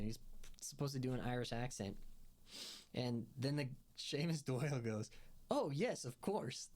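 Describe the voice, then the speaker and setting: A man's voice: medium pitch, darkish tone. A man hosting a film review podcast, recapping episodes in a rambling, casual way full of fillers and restarts, laughing as he retells scenes.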